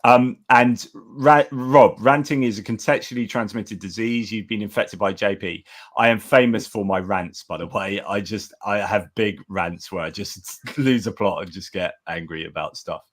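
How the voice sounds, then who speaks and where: A man's voice: lowish voice, normal speed. A man hosting a casual election-night live stream, talking in a rambling way with many restarts and reading out viewer comments.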